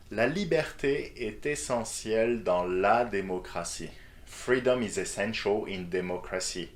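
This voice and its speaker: A man teaching French grammar, reading example sentences and then translating them into English. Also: lowish voice. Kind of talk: scripted grammar lesson.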